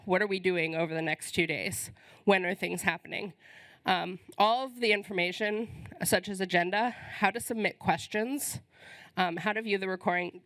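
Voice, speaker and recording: A woman's voice: mid-range voice, fairly bright tone, no room sound. Woman host losing her voice. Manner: friendly, informal, many ums. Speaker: conference host. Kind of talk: conference welcome announcements. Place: conference hall.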